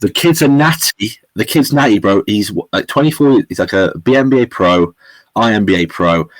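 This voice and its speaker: Low-voiced young man, dry sound. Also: moderate pace, no room sound, rough recording. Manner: excitable, swears a lot, says "mate" constantly. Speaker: podcast co-host. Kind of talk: casual chat.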